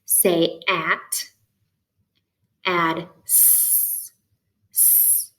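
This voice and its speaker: A woman teaching a phonics lesson to young learners. She gives slow, clear prompts, pauses for answers and offers steady praise. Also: lowish voice.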